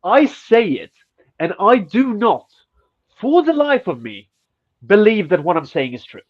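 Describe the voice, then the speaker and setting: A man with a high, unhurried voice co-hosts a podcast in casual conversation, and the sound is lo-fi. He rants and swears in an animated, profane way, speaking through a stuffy nose.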